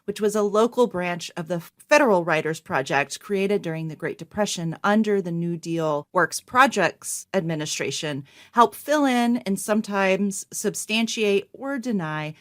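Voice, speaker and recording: A woman co-hosting a history podcast, reading scripted narration in a clear, measured way. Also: medium pitch, a bit bright. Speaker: podcast co-host.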